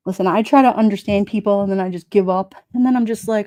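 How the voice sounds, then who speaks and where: A woman's voice: medium pitch, fast, warm tone, dry recording. A middle-aged woman with a New York accent chatting casually to her livestream, blunt and streetwise, often breaking into laughs. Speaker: livestream host. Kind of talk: casual live-chat talk.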